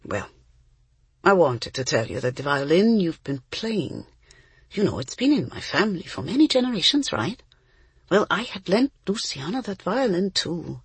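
A woman voicing an older male violin teacher, speaking slowly and quietly with a grave, gentle manner. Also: lowish voice, very animated, slightly rough, no room sound, heavily acted. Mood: hushed. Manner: slow, quiet, hushed.

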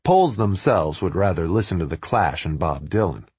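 A man's voice: sits low, expressive, moderate pace, darkish tone, husky, dry recording. A man reading his own first-person travel piece aloud in a wry, sardonic manner.

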